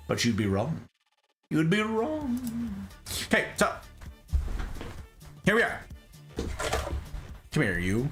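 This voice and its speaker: A man's voice: normal speed, pauses often, soft background music. A man hosting a casual talk show, chatting and joking while showing travel photos. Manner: animated, jokey, pitch jumps for emphasis. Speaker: podcast host.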